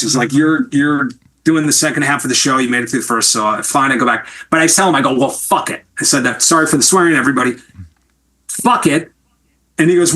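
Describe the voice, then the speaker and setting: A middle-aged man from Wisconsin, a TV producer telling stories in an interview in an animated, candid way and swearing freely. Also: medium pitch. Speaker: TV producer and guest. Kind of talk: storytelling interview answer.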